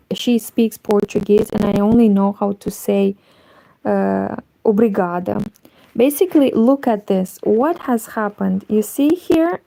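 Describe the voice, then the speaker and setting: A woman's voice: mid-range voice, vocal fry, dark tone, poor audio. A woman from Moldova, chatting casually on a crochet livestream and greeting viewers as she works.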